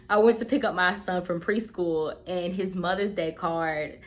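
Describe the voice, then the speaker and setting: A woman's voice: on the low side, moderate pace. A woman in her thirties talks straight to her viewers in a casual vlog. Her voice is earnest and heartfelt, and she often circles back and repeats her phrases for emphasis. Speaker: vlogger. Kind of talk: casual talking-to-camera vlog.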